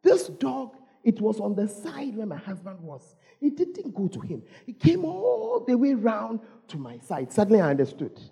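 Ghanaian lady preacher, husky voice, pitch jumping all over, keeps calling out to the crowd. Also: normal speed. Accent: Ghanaian English. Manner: animated, calls out to the congregation, repeats phrases. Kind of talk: lively storytelling sermon.

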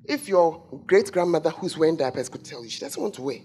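A man's voice: a little high, big pitch swings, fast talker, a little mellow, breathy edge, soft background music. A man preaching a sermon as pastor, scolding the congregation with rhetorical questions. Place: church.

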